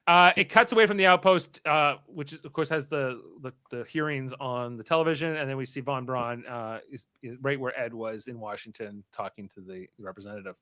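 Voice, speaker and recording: A man hosting a podcast, casually recapping scenes and acting out characters' lines in quick voices. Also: medium pitch, sharp tone, dry recording. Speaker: podcast host.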